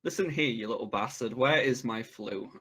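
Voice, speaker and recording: A man's voice: medium pitch, normal speed, fairly bright tone. Blunt-talking man roleplaying a game character. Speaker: player.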